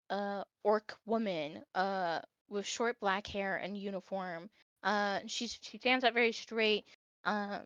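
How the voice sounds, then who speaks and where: Bright-voiced woman running a tabletop game. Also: fairly high pitch, dry recording. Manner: hesitant, filler-heavy narration. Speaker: game master.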